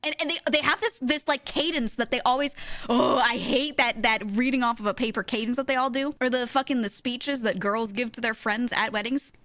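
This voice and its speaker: A young adult woman streamer chatting casually, telling an animated story and often laughing. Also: fairly high pitch, brisk, no echo. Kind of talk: casual chat.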